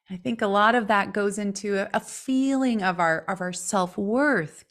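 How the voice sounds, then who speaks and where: A woman's voice: a little high, measured pace. A woman from California, a voice coach co-hosting a casual podcast, talking expressively and shaping her intonation to make her points. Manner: expressive, plays with intonation to demonstrate.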